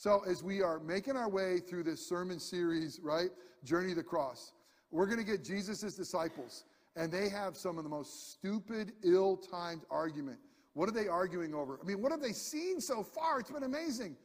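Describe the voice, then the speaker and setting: Animated high-voiced man preaching. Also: normal speed. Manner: animated, conversational, self-deprecating humor. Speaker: pastor. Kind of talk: sermon. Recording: hall reverb.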